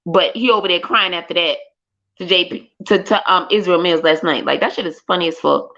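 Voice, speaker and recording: A woman's voice: lowish voice, fairly quick. A woman, hosting a livestream and talking animatedly, with lots of swearing and exclamations. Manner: animated and profane, loud exclamations, laughs. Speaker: livestream host. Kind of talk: casual streamer chat. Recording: dull lo-fi stream audio.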